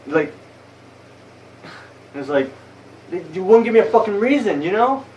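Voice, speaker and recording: A man's voice: sits high, big pitch swings, a little slow, darkish tone, muffled recording. Young guy venting into his phone, lots of cussing, kinda far from the mic, faint hiss. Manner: profane, rambling, heated. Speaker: vlogger. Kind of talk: casual storytelling vlog. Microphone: phone camera.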